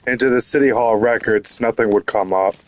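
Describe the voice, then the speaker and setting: A man's voice: mid-range voice, a little fast. A man giving casual commentary while playing a video game, frustrated, rambling and swearing. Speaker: gaming YouTuber.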